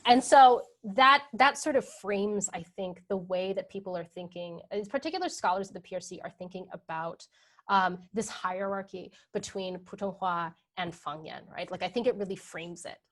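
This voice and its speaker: A woman's voice: medium pitch, fairly quick, a bit bright. A woman history professor answering audience questions after a talk, thinking aloud with many ums, "sort of" and "right?" checks. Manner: hedging with "sort of" and "like". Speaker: guest speaker, history professor. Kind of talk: academic Q&A answers.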